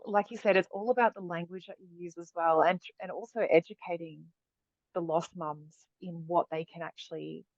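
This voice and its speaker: Lower-pitched woman host, dry lo-fi sound. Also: steady tone, moderate pace, no echo. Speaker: podcast host. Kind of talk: conversational podcast talk. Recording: dry, slightly dull lo-fi audio.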